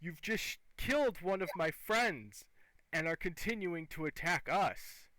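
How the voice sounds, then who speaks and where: A man's voice: sits high, animated, measured pace, bright, forceful tone, no room sound, pitched above the performer's own voice, full character voice, low-quality recording. Man voicing an angry hobgoblin captain. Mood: indignant.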